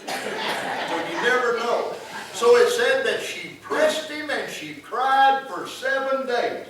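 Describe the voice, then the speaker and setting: A man's voice: very high voice, lively intonation, slow, fairly bright tone. A middle-aged man, preaching in a folksy storytelling way in a church sanctuary. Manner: folksy storytelling with acted-out quotes. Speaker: pastor. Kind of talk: sermon. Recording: echoey church room from far off.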